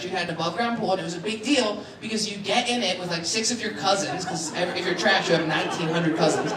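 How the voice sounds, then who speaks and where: A woman's voice: medium pitch, quick pace, very noisy. Brash woman comic in echoey club. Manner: brash, crude, deadpan punchlines with shouted asides. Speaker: stand-up comedian. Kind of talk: stand-up set. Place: comedy club stage. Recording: echoey club from far off with loud crowd.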